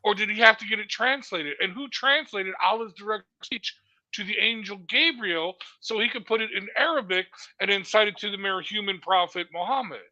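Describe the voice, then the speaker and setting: Sharp-voiced man firing rhetorical questions. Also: sits high, brisk, dry recording, dull audio. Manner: animated, fires off rhetorical questions. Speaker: discussion panelist. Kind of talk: casual online discussion.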